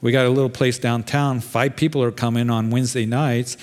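A man's voice: mid-range voice, steady tone, fairly quick. A middle-aged pastor preaching a sermon in a conversational, plain-spoken way, acting out quoted voices as he goes.

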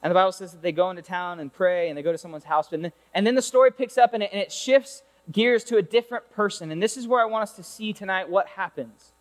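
A male youth pastor tells a Bible story in an animated, chatty way, pausing to fire rhetorical questions at the room. His voice sits high for a man, and each phrase rings out into the long reverb of a large hall. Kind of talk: sermon.

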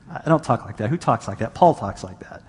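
A man's voice: mid-range voice, lively intonation, normal speed, darkish tone, husky. Guy preaching casually to his church, quotes scripture with punch, big echoey hall. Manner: conversational preaching, quoting scripture with emphasis. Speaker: pastor. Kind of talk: sermon.

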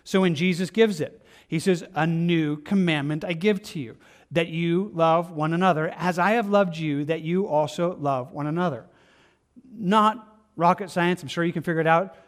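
High-voiced American pastor preaching. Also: male voice, normal speed. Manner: conversational preaching, acts out excuses in voices. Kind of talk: sermon.

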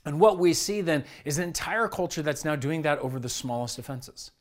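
A middle-aged man preaching a sermon as pastor, energetic and conversational, with lively asides. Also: a little high, a little fast. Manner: energetic, conversational, acts out his kids' whiny voices. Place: church.

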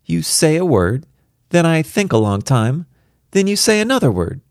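A man's voice: on the high side, big pitch swings, normal speed, no room sound, clean studio sound, voice pushed up. A man reading aloud and voicing a precocious, impatient little girl of four with a demanding, impish manner.

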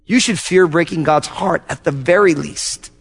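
A man pastor preaching a sermon, telling animated stories and acting out little asides to his congregation. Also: a little high, moderate pace, husky, long reverb tail, soft background music. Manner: animated storytelling with acted-out asides.

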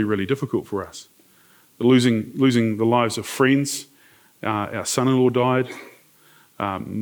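A middle-aged New man preaching in a voice pitched a little high for a man. He talks earnestly and conversationally, mixing scripture with a personal story and checking in with his listeners as he goes. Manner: conversational, earnest, asks the congregation questions. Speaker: pastor.

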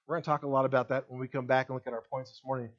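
Male pastor preaching, gets loud then real quiet, keeps asking the church questions, kinda muffled sound. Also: very fast. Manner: animated preaching with wide swings in pitch and loudness; asks the congregation questions directly. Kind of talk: sermon.

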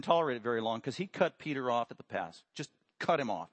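A man preaching a sermon, animated, acting out quotes with sudden loud emphasis. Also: medium pitch, fast, few pauses, no room sound. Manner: acts out quotes with raised voice.

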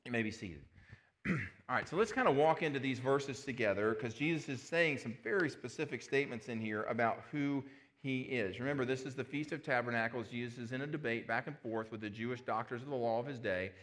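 A man's voice: mid-range voice, brisk, few pauses, a bit bright. A man preaching a sermon as pastor, conversational, with asides and rhetorical questions.

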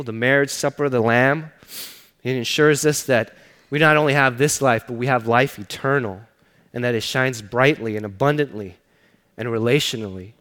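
Man preaching, earnest storytelling, goes quiet a lot, big hall echo. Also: mid-range voice. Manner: earnest personal storytelling, often dropping to a hushed voice. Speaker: pastor. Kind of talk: sermon. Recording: long reverb of a large hall.

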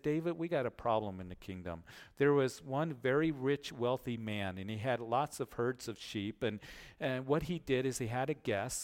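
With a mid-range voice of somewhat dark tone, a male pastor gives a sincere verse-by-verse Bible lesson. He frequently repeats himself and lingers on fillers as he explains.

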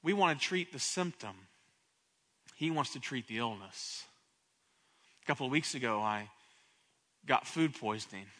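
A man pastor preaching a sermon with impassioned delivery that swings between hushed and loud, often repeating words as he starts a phrase. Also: mid-range voice, animated, measured pace, long pauses.

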